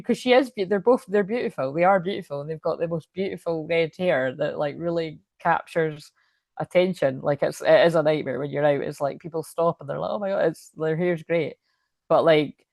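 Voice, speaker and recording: A young woman who works as a spiritual reader and coach gives a casual, rambling oracle card reading, laughing often and swearing casually. Her voice sits low and is a little mellow, recorded cleanly in a studio with no echo.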